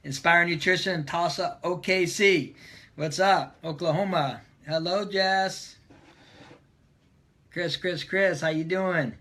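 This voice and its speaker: A man's voice: high-pitched, takes it slowly, pushed and bright. A man hosting a casual live stream, upbeat and greeting viewers by name as they join.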